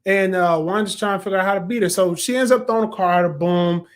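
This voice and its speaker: Brief: young adult male host, high voice, chatty episode reviewer. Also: quick pace. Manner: chatty and animated, acts out quotes. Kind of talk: casual video review.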